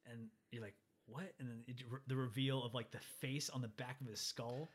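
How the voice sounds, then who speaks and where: A man chatting casually about a film, animated and quick to act out lines in passing. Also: medium pitch, slightly rough.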